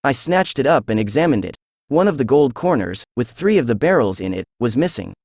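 A synthesized male voice narrating a classic audiobook in a steady, measured way. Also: mid-range voice, dry recording.

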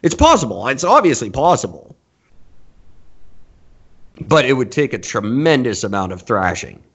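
A man's voice: mid-range voice, sing-song, normal speed, a bit bright, breathy edge, dull audio. A man hosting a podcast, ranting bluntly and profanely in casual talk and laughing often. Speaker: podcast host. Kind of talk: casual comedic rant.

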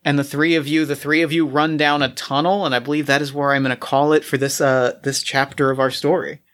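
A man's voice: fairly high pitch, little pitch movement, fairly bright tone. A man narrating as game master of a tabletop role-playing game, often restarting his sentences. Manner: halting, with many restarts.

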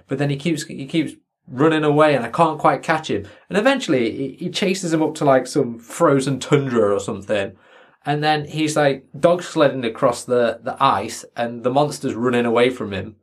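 A man's voice: medium pitch, brisk. Sweary sarcastic man. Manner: sweary, sarcastic, mocking retelling. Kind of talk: casual book chat.

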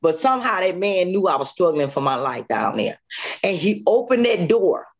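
A woman guest telling her own survival story in an interview, animated, acting out what people said and repeating phrases. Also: fairly low pitch, normal speed, lo-fi sound. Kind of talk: emotional personal testimony.

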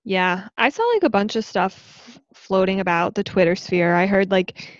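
A woman's voice: mid-range voice, normal speed, no echo, lo-fi sound. A young woman in her twenties co-hosting a casual podcast, easygoing and agreeable, peppering her talk with "yeah" and "like". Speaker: podcast co-host. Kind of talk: casual chat.

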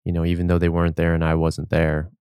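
Deep-voiced earnest podcast host, man. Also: completely flat delivery, quick pace, a little mellow, clear, resonant tone, no room sound, studio quality. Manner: earnest, grateful, casual with "man" and "brother". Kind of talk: conversational interview.

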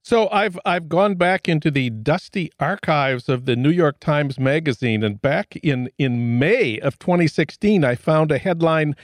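A man's voice: fairly high pitch, measured pace, hardly any pauses, no room sound. Wry male radio host, dry sound. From Minnesota. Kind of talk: radio interview.

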